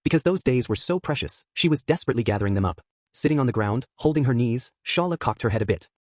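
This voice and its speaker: A man narrating an audiobook in a steady storytelling manner. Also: mid-range voice, fast talker, no echo, studio quality. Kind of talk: scripted narration.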